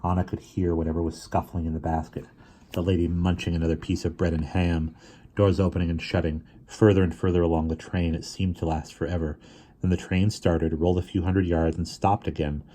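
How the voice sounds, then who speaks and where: A man reading a children's novel aloud in steady storytelling narration. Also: sits low, a little fast. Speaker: reader.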